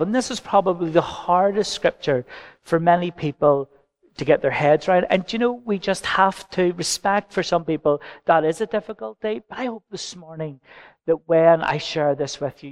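Man, pastor, preaching with light humour and stories, voice a bit higher than usual. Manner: anecdotal, gently humorous preaching. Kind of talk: sermon. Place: church.

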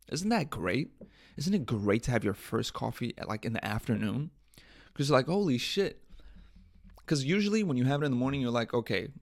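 A man's voice: medium pitch, vocal fry, no room sound, studio quality. A young man hosting his own podcast, rambling and joking irreverently with lots of swearing and laughter. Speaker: podcast host. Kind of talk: casual solo podcast rant.

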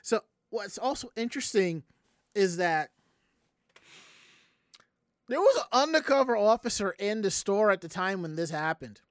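Animated storyteller from the American South. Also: medium pitch, unhurried, pauses often, dry recording, studio quality. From Southern United States. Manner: animated, profane, acts out the people in the story. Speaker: streamer telling a story to chat. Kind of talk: casual storytelling.

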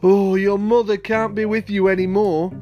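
A man voicing a stern but gentle noble stag father who speaks with quiet command. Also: on the high side, sing-song, measured pace, breathy edge, lo-fi sound, faint music behind, pitched above the performer's own voice, exaggerated voice.

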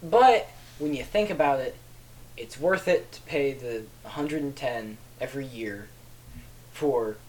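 A podcast co-host in casual chat while recording, chatty and quick to laugh. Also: mid-range voice, darkish tone, a little hiss or hum.

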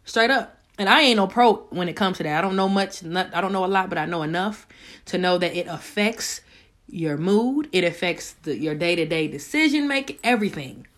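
A woman's voice: on the low side, lively intonation, a little fast, fairly bright tone. A young adult woman hosting her own podcast, talking casually in a loose, profane, slang-heavy way, as if at home. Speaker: podcast host. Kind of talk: casual solo podcast chat.

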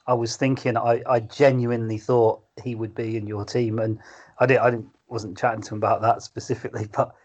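A man chatting easily with frequent laughs. He has a middle-pitched voice and a friendly, agreeable way of talking. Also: level tone, fairly quick, darkish tone, highs cut off. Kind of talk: casual chat.

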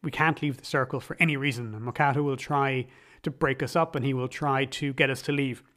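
A man's voice: mid-range voice, fairly even intonation, a little fast, a bit bright, close to an everyday voice. A man voicing a stern, commanding occult expert while retelling a film scene. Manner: stern, urgent.

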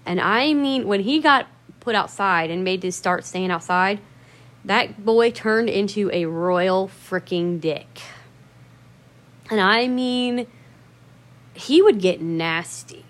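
Woman, casual rambling anecdote, heavy swearing, emphatic, mid pitch. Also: slow. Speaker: storyteller. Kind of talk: casual spoken storytelling.

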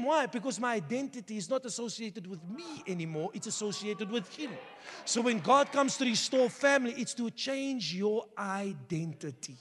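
Preacher guy, high voice, big reverby church hall, gets loud and fired up. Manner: passionate, rising to shouts, conversational asides. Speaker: pastor. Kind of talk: sermon.

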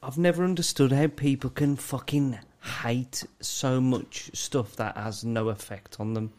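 A man's voice: mid-range voice, fairly even intonation, a little slow, a little mellow. A man from the English Midlands co-hosting a casual podcast, stammering and exasperated, with lots of swearing. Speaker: podcast co-host. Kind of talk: casual banter.

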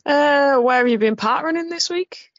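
Relaxed woman, podcast host, dry close muffled audio. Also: high-pitched, moderate pace, dry recording. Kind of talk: casual podcast chat.

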